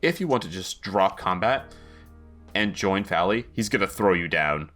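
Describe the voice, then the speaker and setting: A man runs a tabletop game as game master, explaining options and rules patiently and at length. His voice sits low. Faint background music plays under him. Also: lively intonation, moderate pace, fairly bright tone.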